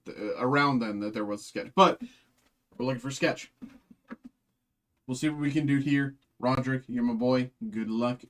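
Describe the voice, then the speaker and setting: A man with an ordinary mid-range voice hosts a live card break. He chats casually and rambles, with plenty of fillers and restarts. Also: mid-range voice. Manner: chatty, rambling, lots of fillers.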